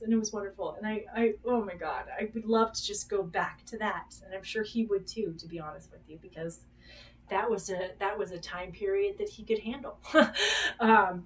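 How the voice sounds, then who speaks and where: A woman, a dog groomer, telling a personal story in a casual, animated, exclamatory way and swearing freely. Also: a little high, far from the mic.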